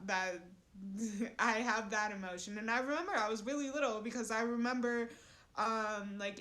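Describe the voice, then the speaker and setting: A woman in her twenties with a slightly high, fairly bright voice chats casually on a live stream. She rambles loosely, speaks frankly about crude topics, and often breaks into giggles between sentences.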